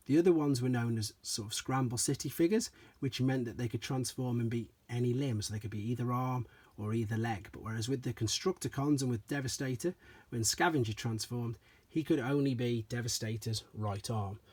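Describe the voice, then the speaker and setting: A man doing a casual show-and-tell review of collectible toys, chatty and relaxed, often repeating stock phrases like "as I say". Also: mid-range voice, slightly rough.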